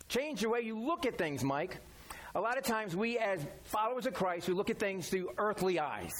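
A man's voice: sits high, sing-song, moderate pace, a bit bright. A man preaching a sermon in a folksy, conversational way, using everyday examples. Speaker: pastor.

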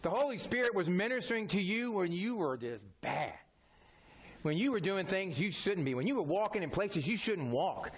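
A man's voice: high-pitched, very animated, normal speed. A man preaching a sermon as a pastor, talking directly and conversationally, repeating his key phrases.

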